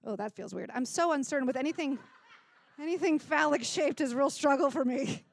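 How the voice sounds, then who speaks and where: A woman's voice: sits high, fairly quick, creaky. A woman emceeing a live comedy show on stage, joking and laughing as she talks into a handheld microphone. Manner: joking, laughing between lines. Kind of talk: live stand-up banter.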